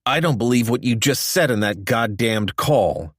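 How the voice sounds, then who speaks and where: A man voicing a furious, hot-tempered middle-aged male executive who shouts and rages. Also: fairly low pitch, lively intonation, measured pace, no room sound, studio quality. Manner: angry, shouting, raging.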